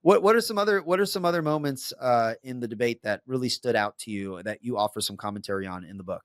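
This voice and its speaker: Lively laughing male podcast host. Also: mid-range voice, fast, dry recording, studio quality. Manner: animated, laughs often, quotes others in voices. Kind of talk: casual conversation.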